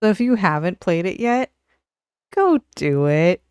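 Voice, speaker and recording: A woman co-hosts a podcast with a low, smooth voice. She talks casually and explains things at length, with some swearing. The close mic sounds dry. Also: big pitch swings, measured pace, a little mellow, no room sound. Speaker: podcast co-host.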